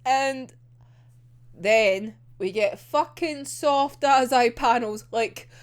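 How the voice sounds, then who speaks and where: A woman's voice: on the high side, takes it slowly. A young woman recapping a manga chapter in a gushing, casual way, laughing often and swearing freely. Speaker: manga reaction vlogger.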